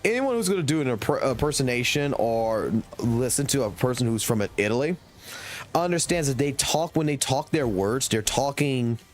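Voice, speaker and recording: A man streaming live, giving blunt, slangy commentary on a game with heavy swearing. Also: medium pitch. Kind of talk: casual ranting commentary.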